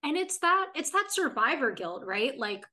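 Bright-voiced woman recapping a TV episode. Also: high voice, sing-song, normal speed. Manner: retells scenes at length, reading out characters' lines. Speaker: podcast co-host. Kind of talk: casual chat recapping a TV episode.

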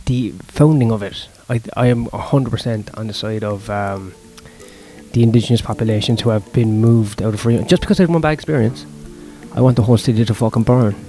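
A man's voice: fairly low pitch, a little fast, warm tone. A young man, a stand-up comedian talking through his gigs in a casual, profane, self-deprecating ramble, with faint music behind him. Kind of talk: casual vlog monologue.

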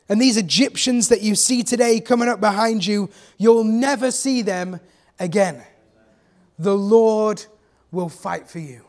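A man preaching a sermon, animated, asking the congregation questions and acting out the people he quotes. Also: high-pitched.

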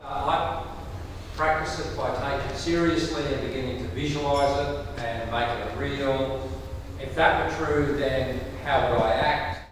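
A man in the audience speaking slowly and thoughtfully from across the room. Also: mid-range voice, background noise. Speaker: audience participant. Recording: distant in a roomy hall with ambience.

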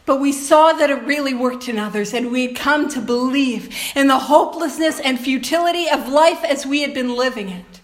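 A woman with a high voice speaks earnestly to a meeting room, chatting with the audience and laughing along the way. Her words carry a roomy echo from the hall around her. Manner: earnest, conversational, often laughing, addresses the room directly. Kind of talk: personal talk to a meeting. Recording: echoey room recording.

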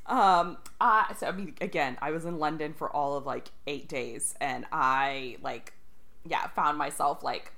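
A woman's voice: deep voice, a little slow, vocal fry, bright, forceful tone. A woman co-hosting a podcast in casual chat, talking with many fillers and giggling often. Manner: chatty, filler-heavy, giggly. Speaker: podcast co-host.

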